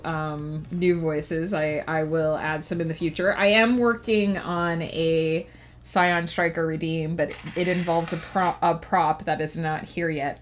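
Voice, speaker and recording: A woman streamer chatting casually to her viewers, laughing often and talking with many fillers. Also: lowish voice. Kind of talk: casual live-stream chat.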